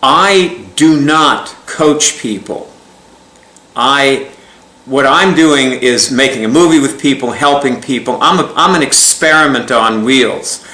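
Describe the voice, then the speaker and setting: A man tells a story in a casual, rambling way, with a bright, forceful tone. He chuckles often and restarts his sentences as he goes. The sound rings in a roomy, echoey space. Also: medium pitch, slow. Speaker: speaker recounting a client story. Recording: echoey room.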